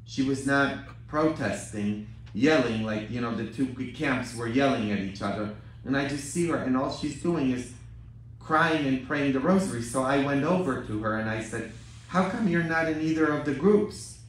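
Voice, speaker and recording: A priest from Poland, preaching a sermon as a story and often turning to the congregation with a questioning "hmm?". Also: male voice, medium pitch, moderate pace. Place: large church. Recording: very echoey church from a distant mic.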